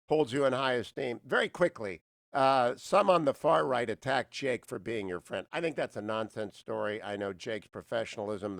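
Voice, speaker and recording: A middle-aged man from northeastern Ohio hosting a radio interview, chatty and animated, dropping to a low, quiet register for serious points. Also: creaky, dry recording. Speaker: radio talk show host.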